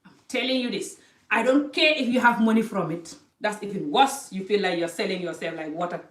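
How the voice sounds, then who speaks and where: A woman's voice: medium pitch, brisk. A woman giving passionate life advice to camera. She talks emphatically, repeats phrases for stress and uses non-native English grammar. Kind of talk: impassioned monologue to camera. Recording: echoey room, voice a bit distant from the mic.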